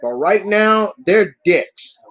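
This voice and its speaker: Animated man ranting on a live Q&A. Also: high voice, slow pace, no echo, low-quality recording. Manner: animated, swearing, rants with voiced asides. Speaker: live stream host. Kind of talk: casual live Q&A chat.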